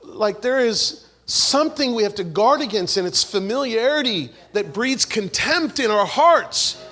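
A man preaching a sermon, swinging between loud exhortation and hushed, whispered prayer, acting out the voices he quotes. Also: sits high, lively intonation, a little slow. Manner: acts out quoted voices, repeats words and restarts.

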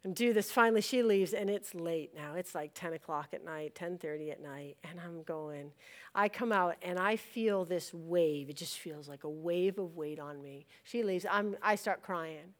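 A woman's voice: lowish voice, normal speed. A middle-aged woman who leads a church, telling a personal testimony in a conversational storytelling way and acting out what she once said. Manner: conversational storytelling, acts out her own past words. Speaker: church leader giving a testimony.

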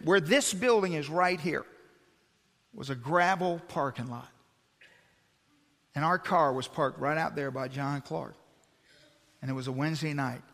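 A middle-aged man, a pastor preaching an animated sermon with sarcastic asides. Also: fairly high pitch, vocal fry. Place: church sanctuary. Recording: long church-hall reverb.

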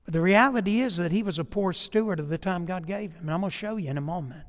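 A middle-aged man preaches from the pulpit in a high voice. He moves between storytelling and direct address, acting out the dialogue in his stories. His words carry with a long reverberation through the sanctuary. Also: fast. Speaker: pastor. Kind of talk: sermon.

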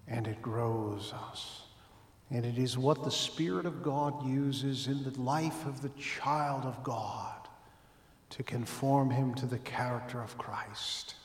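A male pastor preaches slowly and deliberately to a congregation. His delivery drops to hushed asides and then rises to loud, emphatic exclamations. His voice carries through a roomy church with a long reverb tail. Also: mid-range voice. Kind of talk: sermon. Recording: echoey church hall.

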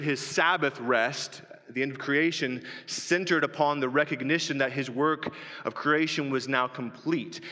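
A man's voice: medium pitch, pushed and bright. A man preaching a sermon to a congregation in a church, often asking rhetorical questions. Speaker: pastor. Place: church sanctuary. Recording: long reverb of a church hall.

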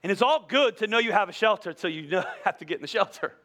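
Male pastor, high bright voice, lively storytelling sermon. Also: fast. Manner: animated storytelling with many restarts.

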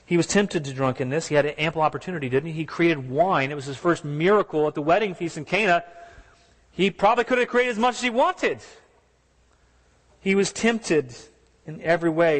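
This pastor's sermon comes across as earnest and conversational, full of questions aimed at his listeners. He speaks fairly quickly at a fairly high pitch, and long reverb lingers after his words.

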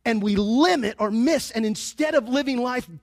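A man preaching to his congregation, his voice pitched high for a man. He jokes and teases, then falls into quiet, confiding asides before building back up. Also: moderate pace, creaky, no echo. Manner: lively, joking preacher with sudden drops to a quiet aside. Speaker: pastor. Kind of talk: sermon.

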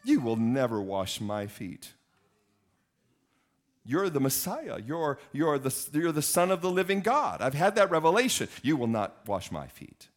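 A man doing an impulsive, pleading apostle. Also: unhurried. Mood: indignant. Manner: pleading, rising to high excited calls. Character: impulsive, earnest male apostle, adult.

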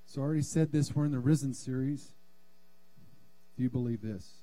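A man's voice: medium pitch, fairly quick, dark tone, no room sound. A male pastor preaching a sermon in a church sanctuary, fervent and calling on the congregation to answer back.

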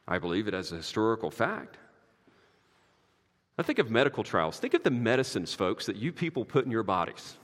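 Emphatic male preacher, bright voice with lively pitch, casual asides, long hall reverb. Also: brisk. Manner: emphatic, swings from quiet to loud. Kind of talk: sermon.

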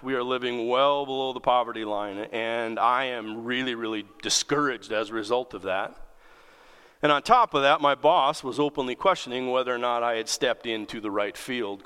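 Casual preaching guy, smooth crisp tone, tells stories, sounds like a big echoey hall. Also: medium pitch, sharp tone. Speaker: pastor. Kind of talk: sermon. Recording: long reverb of a large hall.

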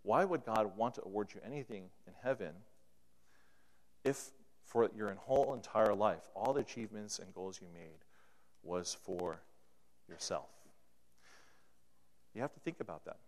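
Preacher in a reverberant hall. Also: male voice, fairly low pitch, normal speed, long pauses, a little mellow. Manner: acts out dialogue in an anecdote, voice rising and falling. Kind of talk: sermon.

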